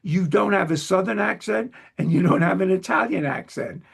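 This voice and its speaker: A man from Long Island hosting an interview in a chatty, self-deprecating way, quick to laugh. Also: high voice, gravelly, slightly rough. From Long Island, United States. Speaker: host. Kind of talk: conversational interview.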